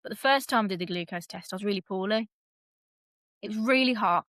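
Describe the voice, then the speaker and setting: Animated British woman telling a story. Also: mid-range voice, brisk, no room sound. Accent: British English. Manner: animated, self-described dramatic, laughs often. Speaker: podcast guest. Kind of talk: casual storytelling interview.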